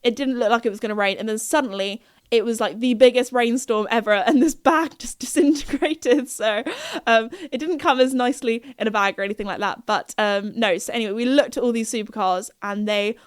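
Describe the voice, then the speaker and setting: A young woman hosts her podcast with a chatty, giggly storytelling manner full of fillers. Her voice sits a little high and comes through smooth and clear, recorded close and dry. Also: a little fast, dry recording. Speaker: podcast host. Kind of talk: casual chat.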